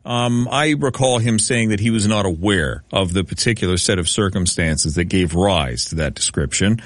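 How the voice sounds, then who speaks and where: A man hosting talk radio, his voice sitting on the low side. He picks things apart in a dry, sardonic way. The studio sound is close and dead, with no room echo at all. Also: normal speed. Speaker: radio talk show host.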